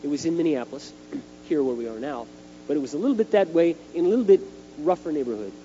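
A middle-aged man delivers a sermon and acts out his stories as he goes. His voice sits a bit high but sounds mellow. The dull lo-fi recording carries a faint hum. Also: fast. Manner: animated storytelling, acting out scenes. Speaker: youth speaker.

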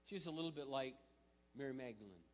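A male pastor telling a story in a sermon, moving from quiet, intimate storytelling to loud, emphatic preaching. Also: mid-range voice, animated, quick pace. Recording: muffled sound with long hall reverb.

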